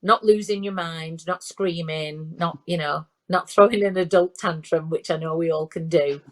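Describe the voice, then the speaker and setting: Guest, woman in her fifties, lowish voice, chatty and halting, restarts a lot. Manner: repeats herself, frequent restarts and fillers. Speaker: parenting expert guest. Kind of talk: conversational podcast interview.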